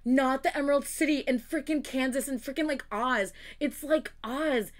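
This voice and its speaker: A woman hosting a reaction video, gushing, exclaiming and swearing as she watches, excited and close to tears. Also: sits high, moderate pace. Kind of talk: casual reaction commentary.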